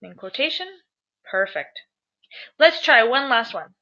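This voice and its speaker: A woman's voice: sits high, sing-song, a little slow, pauses often, bright, forceful tone. A woman teacher explaining grammar to viewers at home in a chatty, upbeat way, asking them questions as she goes. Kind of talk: grammar lesson to camera. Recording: dull lo-fi sound.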